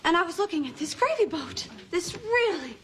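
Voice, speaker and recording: A high, lively sitcom character. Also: female voice, moderate pace, a little hiss or hum, full character voice. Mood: excited. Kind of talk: sitcom acting.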